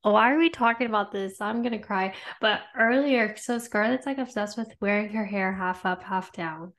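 A young woman and mother in casual chat, telling animated stories about her daughter. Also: mid-range voice, moderate pace. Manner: chatty, animated storytelling.

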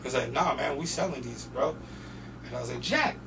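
A man from North Portland, a podcast guest, telling casual stories in an animated, profane way and acting out other people's voices. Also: medium pitch, quick pace, gravelly. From North Portland, USA. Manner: animated, profane, laughing, acts out quoted voices. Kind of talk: casual storytelling. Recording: distant mic with steady background noise.

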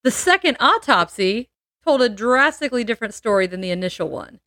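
A woman's voice: fairly high pitch, animated, a little fast, sharp tone, dry recording, studio quality. A woman hosting a podcast, telling a true-crime story in casual chat, laughing often and adding playful asides.

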